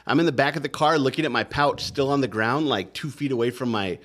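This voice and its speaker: A man's voice: medium pitch, fast talker, a bit bright. A man, a podcast guest, telling his story in a casual and rambling way, cursing a lot and leaning on "like" and "right?". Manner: profane, rambling, full of "like" and "right?".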